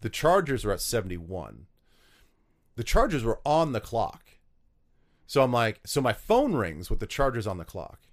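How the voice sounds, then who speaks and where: Speaking at normal speed in a mid-range voice with big swings in pitch, a South Dakota man who used to play pro football tells interview stories. His answers ramble, with frequent fillers and restarts.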